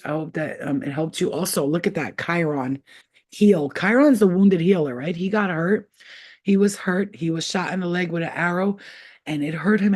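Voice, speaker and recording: Blunt, chatty woman astrology reader. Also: on the low side. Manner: blunt, profane, animated, chatty. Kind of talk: casual livestream chat and reading.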